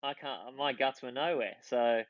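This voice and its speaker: Heard through phone-quality sound with no room ambience, this unhurried, medium-pitched Australian man in his thirties is a former footballer guesting on a podcast. He chats casually, telling anecdotes that wander and often start over.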